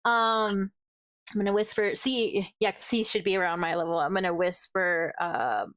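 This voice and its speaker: A woman's voice: medium pitch, measured pace, fairly bright tone, dry recording. A woman playing her character at a tabletop game, hesitant and giggly, with lots of fillers. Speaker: player. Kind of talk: casual tabletop play.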